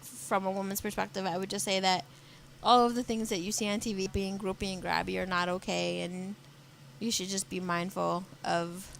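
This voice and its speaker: A woman's voice: mid-range voice, flat delivery, normal speed, vocal fry, slight background noise. A young adult woman co-hosting a podcast, telling a candid story in casual chat and acting out the quotes. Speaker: podcast co-host.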